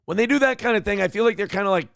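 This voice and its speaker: A man's voice: sits high, rapid-fire, creaky, fairly bright tone, smooth, no echo, studio quality. A man from Minnesota hosting a casual commentary show, ranting sarcastically and swearing freely. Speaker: host.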